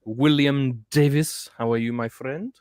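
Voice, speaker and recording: A man's voice: mid-range voice, fairly even intonation, a little slow, darkish tone, smooth, no echo, clean studio sound. A man from South Africa co-hosting a casual live stream, joking and calling people "mate". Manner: jokey, drops "mate" often. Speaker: co-host.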